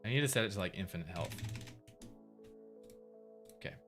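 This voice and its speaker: A man streaming his game development, thinking aloud in a relaxed, casual way while he tests things. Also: sits low, normal speed, over music. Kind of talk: casual livestream commentary.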